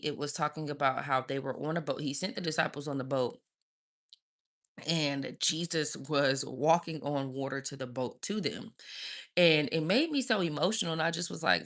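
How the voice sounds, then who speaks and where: A woman with a low, voice preaches to her live-stream audience. She speaks with emphatic conviction and calls her listeners "y'all". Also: fairly bright tone.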